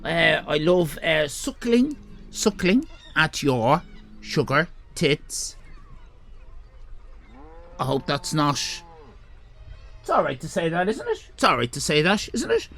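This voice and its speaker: An Irish man in his fifties hosting a comic livestream, rambling crudely with sudden shouted bursts. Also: fairly high pitch, huge pitch swings, takes it slowly, creaky, pauses often. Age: 50s. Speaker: comedy livestream host. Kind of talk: improvised comic monologue.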